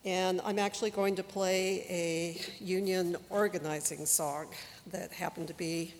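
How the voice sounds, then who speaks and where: A woman introducing archive recordings in a relaxed, informal presentation. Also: fairly low pitch, measured pace. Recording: long hall reverb.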